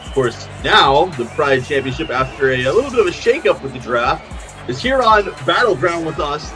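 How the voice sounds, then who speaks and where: A man calling a wrestling show as play-by-play commentator, excitable and tripping over his words. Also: on the high side, normal speed, music in the background.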